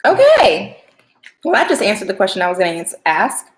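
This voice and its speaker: A woman's voice: mid-range voice, lively intonation, racing, fairly bright tone, a little hiss or hum. A young woman doing a casual, playful tarot reading on a livestream, chatting straight to her viewers. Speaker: tarot reader.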